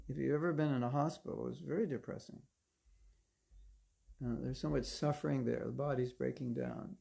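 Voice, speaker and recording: A man's voice: medium pitch, normal speed, vocal fry, darkish tone, slightly rough. A man giving a devotional class lecture as a spiritual teacher, conversational and wry, often putting questions to his listeners. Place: Alachua, Florida.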